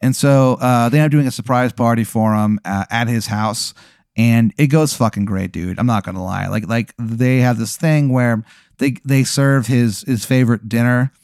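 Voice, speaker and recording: A man's voice: medium pitch, steady tone, normal speed, darkish tone, no echo, studio quality. A man telling a rambling, swearing story in casual chat as a comedy podcast host.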